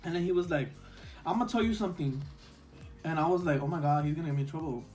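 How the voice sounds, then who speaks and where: High-voiced young guy rambling a storytime. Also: quick pace, darkish tone, soft background music. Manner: rambling, lots of "like" and restarts, slips into Spanish. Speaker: vlogger. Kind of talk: casual storytime chat while eating.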